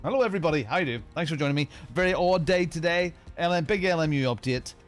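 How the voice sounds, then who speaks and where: A man's voice: on the high side, fast talker, faint music behind. A man streaming sim racing live, chatting casually and thinking aloud with many restarts.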